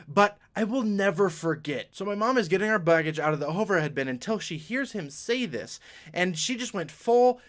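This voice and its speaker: A man's voice: sits high, a bit bright. A young man telling a childhood story as a vlogger, laughing often. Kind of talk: storytime vlog.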